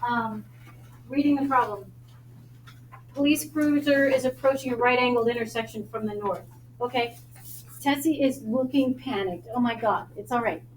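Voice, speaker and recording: High-voiced woman teaching math, Long Island accent. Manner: brisk, joking, quizzes students. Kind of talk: classroom teaching. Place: classroom. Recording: echoey classroom, faint noise.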